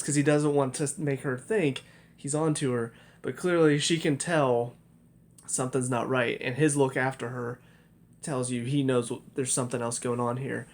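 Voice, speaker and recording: Young male reviewer, casual and rambling, mid-range pitch, conversational delivery. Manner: conversational, rambling with many fillers and restarts. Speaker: TV show reviewer.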